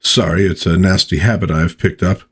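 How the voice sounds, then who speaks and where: A man's voice: deep voice, steady tone, moderate pace, a bit bright. A man reading comic dialogue aloud as a grandiose, theatrical male space trader lord.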